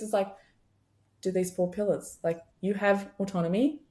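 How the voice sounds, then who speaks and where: A woman's voice: fairly low pitch, flat delivery, normal speed, darkish tone. A young adult woman chiropractor, talking candidly and expressively as a guest in a casual podcast conversation, swearing freely.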